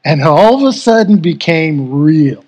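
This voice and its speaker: Earnest middle-aged male pastor, high voice. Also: animated, moderate pace, a little mellow. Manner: earnest, emotional, rising to fervent. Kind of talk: sermon with personal story and prayer.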